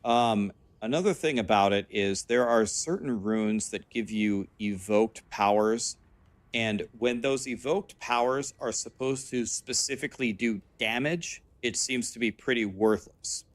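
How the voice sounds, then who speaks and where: A man commenting on gameplay in an explanatory, measured way, a little hoarse as he says he is losing his voice. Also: medium pitch, no echo. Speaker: game video narrator.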